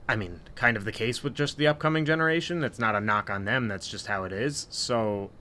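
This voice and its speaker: A man's voice: medium pitch, fairly quick, pushed and bright, a little hiss or hum. A man co-hosting a casual sports podcast, giving opinionated takes at length. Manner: opinionated, argues points at length. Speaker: podcast co-host.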